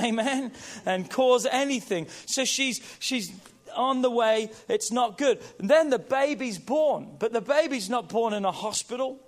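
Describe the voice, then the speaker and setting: Male pastor, high voice, fervent sermon delivery with drawn-out emphasis and rallying calls. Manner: emphatic, repetitive call-and-response preaching; slows and stretches key phrases.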